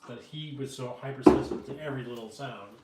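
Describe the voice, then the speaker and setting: A man speaking calmly and matter-of-factly, adding details to a story in casual conversation. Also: medium pitch, fast talker, very noisy. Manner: calm, matter-of-fact, fills in details. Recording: roomy echo, distant mic.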